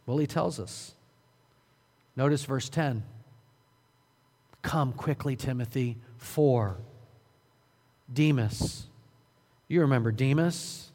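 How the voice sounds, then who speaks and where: A man's voice: medium pitch, slow, pauses often. Male preacher in a reverberant hall. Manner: earnest preaching, rising to loud urgent emphasis and dropping to quiet. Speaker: pastor. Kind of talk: sermon.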